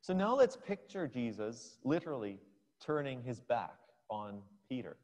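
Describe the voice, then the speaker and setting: Slow-speaking male preacher in a hall. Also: mid-range voice, a little mellow. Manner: storytelling, unhurried, pictures scenes for listeners. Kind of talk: sermon. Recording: long hall reverb.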